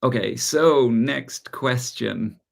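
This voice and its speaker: A man with an Irish accent hosting a relaxed live chat, reading out viewer questions and answering them with easy laughs. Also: medium pitch, extremely slow, gravelly. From Ireland. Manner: relaxed, chatty, reads out viewer comments and laughs often. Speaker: gardening channel host.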